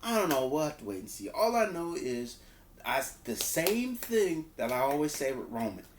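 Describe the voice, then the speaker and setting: A man giving a casual spoken review of a wrestling show. He talks loosely, repeats words and restarts, and acts out quotes in a higher voice. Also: sing-song, normal speed, a little hiss or hum. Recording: roomy echo.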